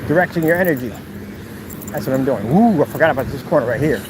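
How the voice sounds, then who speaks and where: A man's voice: mid-range voice, expressive, fast. A man talking casually while walking outdoors, mocking and teasing in a playful way. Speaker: vlogger. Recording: outdoor traffic noise.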